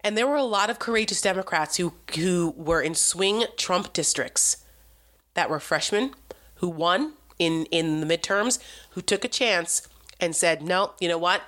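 A woman with a slightly low voice delivers a heated political monologue. She sounds exasperated and sarcastic and leans hard on her emphasis. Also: a little slow, fairly bright tone. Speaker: political commentator. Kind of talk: opinionated monologue.

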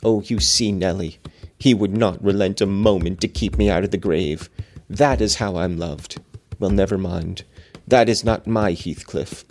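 A man's voice: sits low, a little slow, darkish tone. A man reading the lines of a dying, feverish young woman from a classic novel, in a plain reading-aloud delivery. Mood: pleading.

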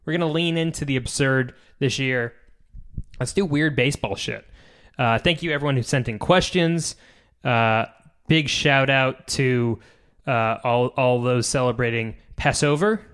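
A man hosting a solo podcast, rambling and joking and often trailing off into quiet mumbles. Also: mid-range voice. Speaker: podcast host. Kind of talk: casual solo podcast chat.

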